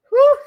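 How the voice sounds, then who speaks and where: A woman co-hosting a casual live-stream morning chat, animated, laughing often and speaking straight to viewers. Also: highs cut off. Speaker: co-host.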